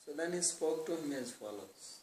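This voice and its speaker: A man with a slightly high voice gives a devotional scripture class, explaining each verse through homely examples and chanting the lines slowly. He is heard from some distance in a roomy hall, with a faint hum of ambience behind him. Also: animated, darkish tone. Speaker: lecturer on scripture.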